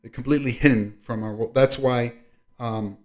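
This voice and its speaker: A man hosting a video, reading a diary aloud and adding rambling commentary with many fillers, frequent throat clearing, and loudness that rises and falls. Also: mid-range voice, steady tone, moderate pace. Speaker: video host.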